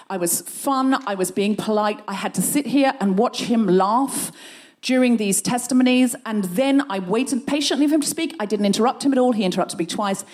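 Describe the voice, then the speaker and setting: A middle-aged woman hosting a comedy podcast, telling a story with lively energy and a voice that shoots up high when she gets indignant. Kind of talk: live comic storytelling.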